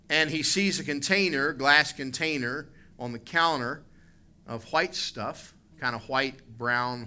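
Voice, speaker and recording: A middle-aged Southern US pastor preaching with a very bright, forceful voice that sits a little high for a man. He spins humorous stories and then climbs into emphatic preaching. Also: clean tone. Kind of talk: sermon.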